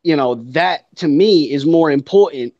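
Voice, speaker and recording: A man in his thirties speaks in an earnest, reflective way during a casual chat and laughs easily along with his partner. His voice sits a touch high. The sound is dull, lo-fi and dry. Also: normal speed, dark tone, no room sound.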